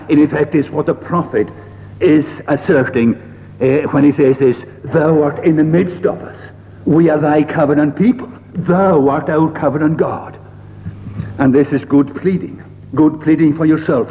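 A man preaching a sermon in a slow, measured way, pausing often and quoting old scripture phrasing, recorded in a church. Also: fairly high pitch, warm tone, a little hiss or hum. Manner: slow, measured delivery with frequent "uh" pauses and archaic scripture phrasing. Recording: dull lo-fi recording in a reverberant hall.

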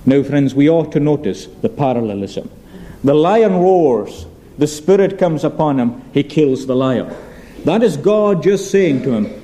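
Man preaching with a dark, mellow voice. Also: fairly high pitch, lively intonation. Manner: earnest, emphatic, rhetorical questions; reads scripture aloud slowly. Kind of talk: expository sermon.

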